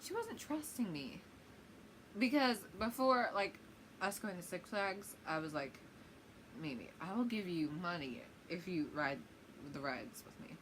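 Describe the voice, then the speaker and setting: A young woman with a slightly low voice tells a rambling story-time vlog, full of "um"s, "like"s and little giggles. A faint hiss sits under the recording. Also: a bit bright, low-quality recording. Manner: rambling, giggly, lots of fillers. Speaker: vlogger.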